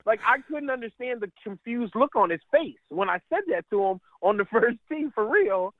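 A middle-aged man, a caddie and stand-up comedian, telling animated, laughing stories as a radio interview guest. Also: extremely high pitch, normal speed, no room sound. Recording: tinny phone line, dry.

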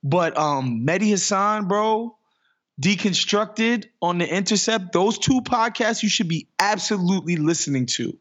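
A man's voice: high-pitched, expressive, unhurried, fairly bright tone, muffled recording. A man co-hosting a podcast in casual chat, ranting with profanity and rising exclamations. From New York. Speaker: podcast co-host.

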